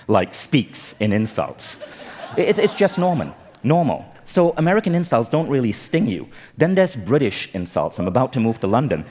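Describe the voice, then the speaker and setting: A man from Malaysia giving a humorous motivational talk on stage, telling stories in an animated, joking way. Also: mid-range voice. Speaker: keynote speaker. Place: large event hall. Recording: stage talk with long hall reverb.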